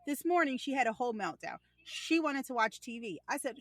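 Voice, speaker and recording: A young woman in casual conversation as a podcast co-host, telling animated stories and acting out her child's lines. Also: high-pitched, brisk, no echo.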